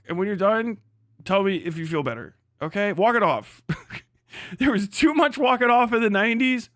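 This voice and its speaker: A high-pitched male streamer delivers a blunt, profanity-heavy livestream rant in a fairly bright tone. The recording is close and dry, with no room sound or echo.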